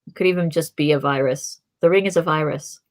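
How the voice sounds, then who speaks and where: A young woman co-hosting a podcast in a loose, rambling way. Her voice sits fairly low, and she circles her ideas with fillers and false starts as she chats. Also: fairly even intonation, a little fast. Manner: rambling, thinks aloud with fillers and restarts. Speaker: podcast co-host. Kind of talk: casual chat.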